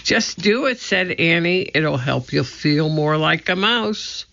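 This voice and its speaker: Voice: mid-range voice, animated, slow pace, vocal fry, sharp tone, full character voice. A storyteller voicing a bold, cheerful young girl in a storybook reading, eager and coaxing. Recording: dull lo-fi recording.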